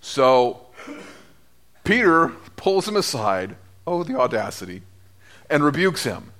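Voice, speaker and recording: A middle-aged man, a priest, preaching a sermon, telling the story with lively asides and acting out the voices of the people in it. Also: a little high, takes it slowly, pauses often.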